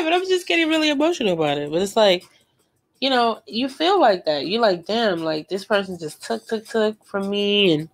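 Young woman, art vlogger, slangy, emotional casual chat, lowish voice. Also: a little mellow. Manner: chatty and emotional, lots of fillers and slang. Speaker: art vlogger painting live. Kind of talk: casual chat while painting.

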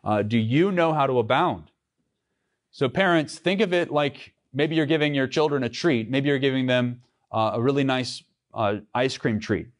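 A man's voice: mid-range voice, moderate pace. A man, the pastor, preaching an earnest sermon in church, often restarting his phrases and reading scripture aloud.

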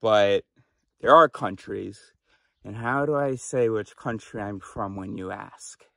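A man's voice: on the low side, takes it slowly, vocal fry, a bit bright, no room sound. A man from the Chicago area doing a stand-up monologue, ranting in mock outrage and tripping over comic restarts. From Chicago area, United States. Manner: exasperated rant with mock outrage; stammering restarts for comic effect. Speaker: comedian.

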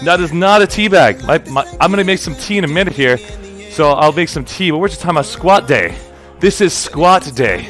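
A young man streaming himself through a workout, joking with viewers, loud and animated, getting out of breath. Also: on the high side, brisk, faint music behind. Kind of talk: casual comedic workout stream.

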